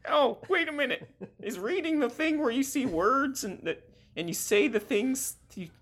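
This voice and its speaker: A woman's voice: high voice, expressive, moderate pace. A woman playing a dim-witted creature from hell who co-hosts a podcast. She talks in a rambling, scatterbrained way and often loses her thread, in an improvised comedy podcast. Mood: absent-minded. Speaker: co-host. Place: podcast studio.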